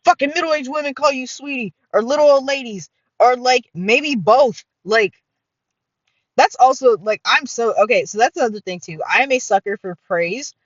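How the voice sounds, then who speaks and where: A middle-aged woman hosting a casual solo podcast, excitable and full of fillers and swearing. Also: on the high side, normal speed, no echo, highs cut off. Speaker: podcast host.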